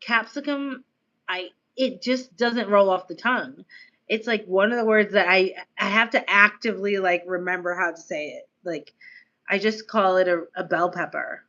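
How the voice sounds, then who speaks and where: A woman's voice: mid-range voice, fairly even intonation, normal speed, bright, forceful tone, muffled recording. An American woman streaming casually, chatting in a rambling way with lots of fillers, her accent slightly tinged by years in Australia. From United States. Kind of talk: casual live-stream chat.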